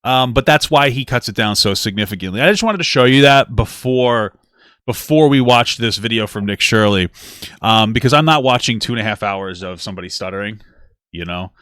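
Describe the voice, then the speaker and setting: A man hosts a reaction commentary with a lowish voice. He talks with sarcastic, dry asides. His sound is close and dead dry. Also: normal speed, a bit bright, clear, resonant tone, dry recording. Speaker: commentary host.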